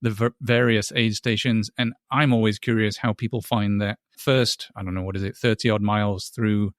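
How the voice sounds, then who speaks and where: A man's voice: fairly low pitch, fairly even intonation, moderate pace, no room sound, studio quality. A man who hosts an interview, asking long, curious questions. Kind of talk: podcast interview.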